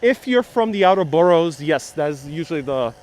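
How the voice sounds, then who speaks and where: A man's voice: a little high, expressive, moderate pace, darkish tone, slight background noise. A man from New York City hosting a casual live-stream walking tour outdoors on city streets, chatting playfully and answering viewers' comments on a clip-on mic. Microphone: wireless clip-on mic.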